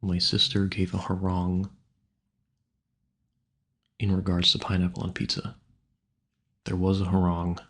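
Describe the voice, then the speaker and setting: A man's voice: low-pitched, monotone, unhurried, pauses often, fairly bright tone, slightly rough. A man rambling casually at a home mic, musing aloud and stumbling over hard words he sounds out. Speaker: audio creator.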